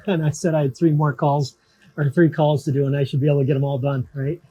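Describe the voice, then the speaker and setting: A man's voice: a little high, level tone, fast talker, warm tone, muffled recording. Chatty middle-aged man explaining repairs. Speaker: boat mechanic. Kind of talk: casual work vlog. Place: on and around boats at a marina.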